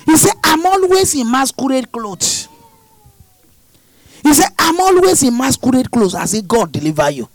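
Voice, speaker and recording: A man preaching and praying over a congregation, shouting repeated prayer lines with passion. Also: very high voice, very animated, unhurried, long pauses, dry recording, poor audio. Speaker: pastor.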